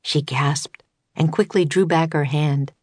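A woman reading a children's storybook as an audiobook, in calm, even narration. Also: sits low, unhurried, slightly rough, no echo. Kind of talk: scripted narration.

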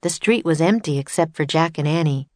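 A woman reads a children's storybook aloud in a steady, plain manner. Her voice sits somewhat low, and the recording is dry and close with no room sound. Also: brisk, no echo. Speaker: narrator.

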